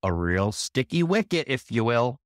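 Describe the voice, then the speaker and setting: Wry male co-host, expressive delivery, dry close-mic sound. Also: mid-range voice, moderate pace, no echo. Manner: teasing, wry. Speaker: podcast co-host. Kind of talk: scripted comedy banter.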